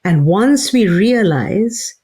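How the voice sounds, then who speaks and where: A woman's voice: mid-range voice, lively intonation, slow pace, dark tone, slightly rough. A woman, a psychology professor and author, giving thoughtful interview answers with frequent fillers and restarts.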